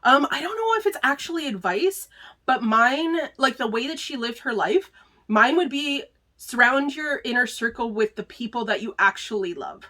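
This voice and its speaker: A woman hosts a casual book review, talking in a loose, chatty way full of filler words. Her voice sits a little high and sounds bright and clear. She laughs easily between thoughts. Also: expressive, moderate pace. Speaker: book club host.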